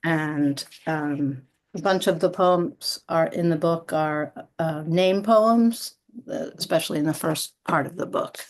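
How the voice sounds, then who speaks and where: A woman poet on a video call, apologetic and hesitant, with many pauses and fillers. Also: sits low. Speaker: featured poet.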